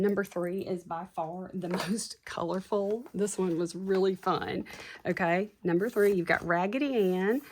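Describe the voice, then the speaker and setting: A woman chatting casually and gushing as she shows off handmade journals to her viewers. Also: mid-range voice. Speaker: craft seller showing handmade junk journals. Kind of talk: casual show-and-tell chat.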